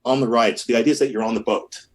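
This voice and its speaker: A man recounts studio mishaps in a loose, chatty interview. He talks in bursts, restarts sentences, laughs along with his own stories and hums drum patterns out loud. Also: mid-range voice, very fast. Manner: animated, laughing, hums rhythms, many restarts. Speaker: musician guest. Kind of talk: casual storytelling interview.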